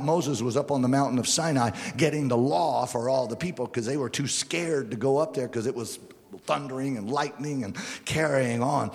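A man preaching a sermon, swinging between low, quiet stretches and loud, impassioned peaks. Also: normal speed. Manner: impassioned, rises to near-shouting then drops low. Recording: long hall reverb.

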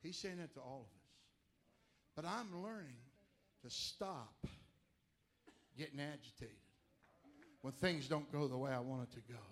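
A man preaching a sermon to a congregation, animated, moving from quiet asides to loud emphatic lines. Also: mid-range voice, measured pace, pauses often.

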